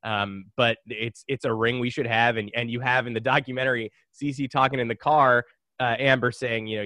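A man's voice: medium pitch, fairly even intonation, fairly quick, sharp tone, no room sound. A man co-hosting a casual sports podcast, talking in an opinionated, conversational way. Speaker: podcast co-host.

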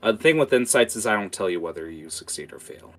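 A man's voice: fairly low pitch, expressive, quick pace, soft background music. A man narrating a tabletop game as game master, in a casual, rambling way. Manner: casual, many fillers and restarts.

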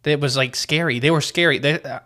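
A man's voice: fairly high pitch, brisk, bright, forceful tone. A man co-hosting a casual podcast, reading quotes from his notes and often restarting his sentences. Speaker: podcast co-host.

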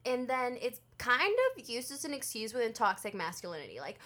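A young woman co-hosting a casual chat, an expressive storyteller who laughs often. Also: a little high, a little fast. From Mexican heritage.

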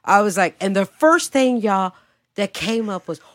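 A woman's voice: mid-range voice, animated, a little slow, no echo, clean studio sound. A woman, telling a brash, profane story in casual chat. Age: 50s.

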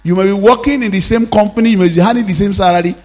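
A man's voice: high voice, very fast, a little mellow, long reverb tail. A man pastor preaching a sermon, leading fervent prayers and having the congregation repeat declarations after him.

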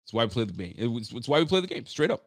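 A man's voice: mid-range voice, very animated, racing, no room sound, studio quality. A young man hosting a live fan podcast, venting bluntly and swearing freely as he reads out viewer comments. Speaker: podcast host.

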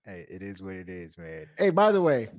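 A man's voice: lowish voice, sing-song, moderate pace, gravelly, no room sound, studio quality. A man co-hosting a podcast, joking and laughing often in casual banter. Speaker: podcast co-host.

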